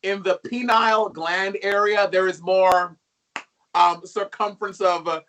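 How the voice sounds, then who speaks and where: A man chatting as a guest, animated and gossipy, laughing often. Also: high-pitched, a little slow, slight background noise. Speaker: guest, drag performer. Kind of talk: casual chat.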